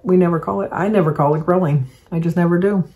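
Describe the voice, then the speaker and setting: A woman's voice: fairly low pitch, fast, mellow. Rambling older woman. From Michigan. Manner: rambling, chatty, meandering with many asides. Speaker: vlogger. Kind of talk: casual chat to camera.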